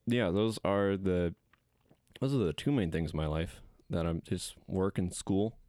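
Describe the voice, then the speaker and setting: Deep-voiced young man, halting talk. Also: dark tone, no room sound, clean studio sound. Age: young adult. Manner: halting, filler-heavy. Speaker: podcast guest. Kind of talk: casual chat.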